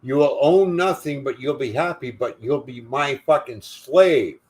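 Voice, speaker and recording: A man's voice: medium pitch, unhurried, darkish tone, pitched above the performer's own voice, lightly acted. A man doing a mocking impression of a smug elderly billionaire lecturing ordinary people. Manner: mocking, condescending.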